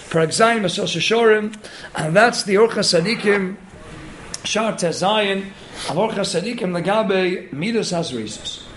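A man giving an animated Torah study lecture. He urges his listeners on and mixes in many Hebrew and Yiddish terms. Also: high voice, slight background noise. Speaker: Torah teacher.

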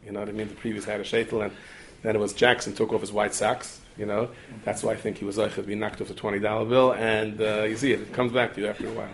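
A man giving a storytelling sermon, talking quickly with digressions, asides and repeated restarts. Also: fairly low pitch, flat delivery, vocal fry. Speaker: preacher telling a story.

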